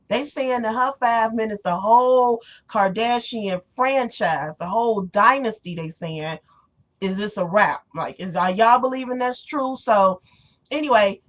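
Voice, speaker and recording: A woman's voice: on the high side, unhurried. Blunt, profane woman ranting on webcam. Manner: blunt, profane and animated, with sharp rhetorical questions. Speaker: webcam vlogger. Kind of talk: casual webcam rant.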